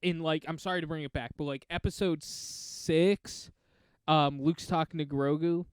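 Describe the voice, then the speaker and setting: Animated young man chatting, higher voice. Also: moderate pace, clean tone, no room sound, clean studio sound. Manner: animated, laughs often, breaks into impressions. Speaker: podcast co-host. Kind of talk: casual chat.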